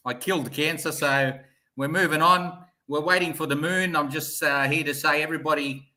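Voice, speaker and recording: A man's voice: a little high, fairly even intonation, moderate pace, bright, forceful tone. A middle-aged man with an Australian accent, a guest on a live show, talking bluntly and matter-of-factly. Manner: blunt, matter-of-fact, says "mate". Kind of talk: casual chat.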